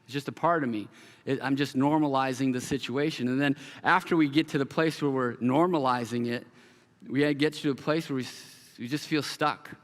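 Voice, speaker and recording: A man preaching a sermon as pastor, telling a story with animated quoted voices. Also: mid-range voice, fairly quick. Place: church hall. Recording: long hall reverb.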